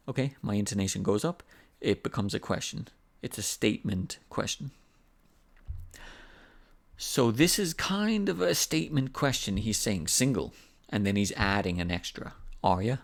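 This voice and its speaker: A man's voice: lowish voice, expressive, moderate pace, gravelly. A man teaching an English lesson in a casual, patient way, repeating examples to explain them. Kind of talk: language lesson.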